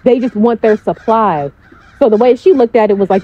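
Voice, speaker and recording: A woman's voice: fairly high pitch, moderate pace, dull audio. A woman coach speaking in a casual, blunt storytelling style, swearing freely.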